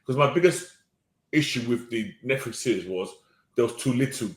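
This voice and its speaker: A Nigerian-accented man talks loosely in a casual podcast, stumbling over repeated words as he builds his point. His voice sits at an ordinary pitch and carries a noticeable roomy echo. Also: animated. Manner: hesitant, repeats words, quick to agree. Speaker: podcast co-host. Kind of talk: casual chat.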